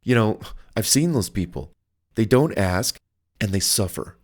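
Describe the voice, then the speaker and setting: A man's voice: on the low side, lively intonation, a little slow. Upbeat man coaching his listeners. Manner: conversational, acts out quoted phone calls. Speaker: self-help author narrating his audiobook. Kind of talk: motivational audiobook talk.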